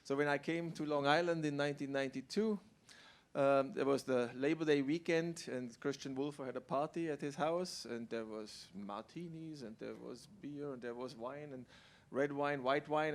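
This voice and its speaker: A middle-aged man from Germany speaks on a panel as a winemaker, at a middle pitch. His delivery is relaxed, and he tells his story with fillers. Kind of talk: panel talk.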